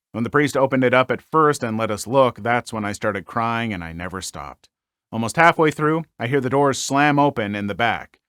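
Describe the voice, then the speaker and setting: Man, story narrator, animated, exclaiming, lots of filler words, dry close sound, mid pitch. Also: dry recording. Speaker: story channel host. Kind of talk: reading online stories with commentary.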